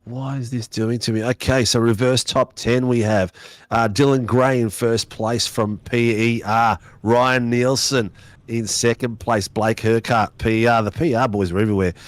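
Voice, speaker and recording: A man's voice: medium pitch, steady tone, moderate pace, dry recording. A man commentating a sim racing broadcast, chatty and laughing, full of slangy banter. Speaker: race commentator.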